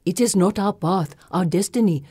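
A woman voicing a calm, earnest young woman of a secluded tribe in an audiobook. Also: on the low side, normal speed, breathy edge, dry recording, clean studio sound. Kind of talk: audiobook reading.

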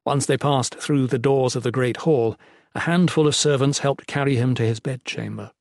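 A man narrating a fantasy audiobook in a steady, even voice of middle pitch. The sound is close and dry, with no room around it. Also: moderate pace, vocal fry, dry recording.

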